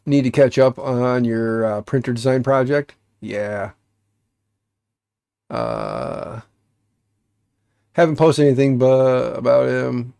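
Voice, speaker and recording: A man's voice: mid-range voice, sing-song, takes it slowly, vocal fry, pauses often, mellow, clear, resonant tone, no room sound. A man with an American accent and a stuffy, nasal voice, hosting a casual live stream and rambling with jokes and fillers. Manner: rambling, joking, many fillers. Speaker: livestream host.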